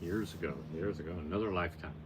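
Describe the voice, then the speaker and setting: A man's voice: low-pitched, fast talker, a crowd in the background. An older man telling a long story in a casual, plainspoken, matter-of-fact way. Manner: plainspoken, matter-of-fact, building to animated peaks. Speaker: podcast guest, storyteller.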